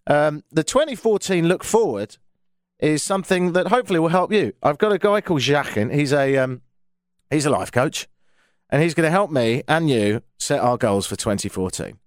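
A man's voice: fairly high pitch, expressive, normal speed, no echo. An English man hosting a radio talk show from a studio, with dry, self-mocking banter. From England. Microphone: studio microphone.

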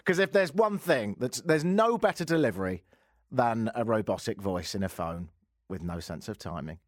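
Sarcastic radio host, lively pitch. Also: male voice, normal speed, no echo, clean studio sound. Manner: sarcastic ranting, lively asides. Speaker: radio talk show host. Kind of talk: opinionated talk radio monologue. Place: radio studio. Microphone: studio microphone.

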